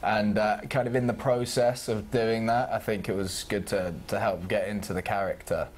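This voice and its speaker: A young man with an English accent, chatting as an actor guest in an interview, halting and restarting often. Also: lowish voice, fairly even intonation, a little hiss or hum. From England. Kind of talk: casual interview chat.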